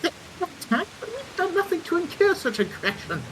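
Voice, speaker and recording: A man's voice: high voice, sing-song, brisk, background noise, pitched above the performer's own voice. A man voicing an eager, formal male airship engineer with a put-on accent in a game read-along. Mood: concerned. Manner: formal, eager and a bit pompous.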